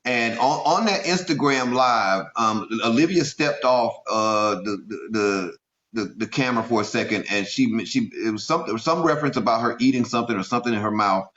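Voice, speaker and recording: Halting male host on echoey lo-fi audio. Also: medium pitch, a bit bright. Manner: deliberate, halting with many fillers. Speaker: interview host. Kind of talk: probing interview questions.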